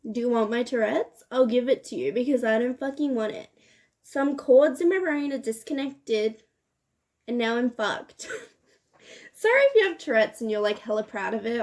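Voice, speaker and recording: A young woman chatting casually while doing her makeup, laughing and swearing often. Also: a little high. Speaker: beauty vlogger. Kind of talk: get-ready-with-me chat.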